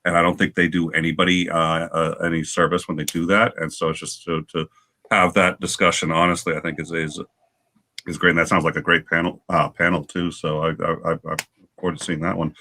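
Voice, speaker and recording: Man, casual storytelling, low-pitched, bright tone, animated, halting restarts. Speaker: guest on a livestream panel.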